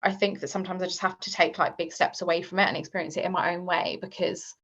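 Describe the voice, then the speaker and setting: A woman's voice: fairly low pitch, fairly even intonation, quick pace, fairly bright tone. A woman talking as a guest on a podcast, chatty and casual, often filling with "like" and "um". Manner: chatty, leans on fillers like "like" and "um". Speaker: guest author. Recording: slightly muffled lo-fi recording.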